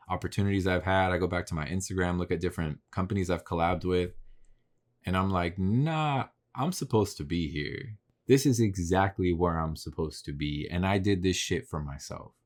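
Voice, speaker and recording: A man hosting his own podcast, talking casually and candidly about his work, swearing freely as he reflects on himself. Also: sits low. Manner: candid, profane, self-reflective. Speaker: podcast host. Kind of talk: casual solo podcast monologue. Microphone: podcast mic facing camera.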